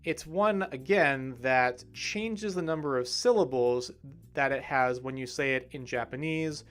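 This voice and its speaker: Teaching English pronunciation live, a man with a mid-range, fairly bright voice says each word slowly and clearly. He often pauses to check understanding with a quick "right?"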